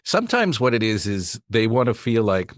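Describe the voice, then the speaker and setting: His voice is on the low side and sing-song at a normal pace as this voice actor guest tells rambling anecdotes about his work during a casual podcast, with restarts and acted quotes. The recording is dry.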